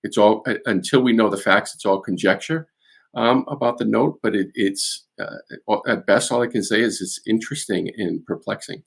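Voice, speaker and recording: A man with a Boston accent, a guest expert, explaining a case in a measured way with fillers and restarts. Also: on the low side, vocal fry, breathy edge. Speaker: security and art crime expert guest. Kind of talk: conversational expert analysis.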